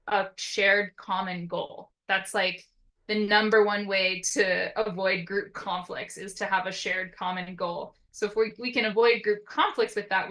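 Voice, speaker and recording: Bright-voiced woman explaining, lively intonation. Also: mid-range voice, rough recording. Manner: explanatory, often checks in with "right?". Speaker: occupational therapist. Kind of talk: educational talk.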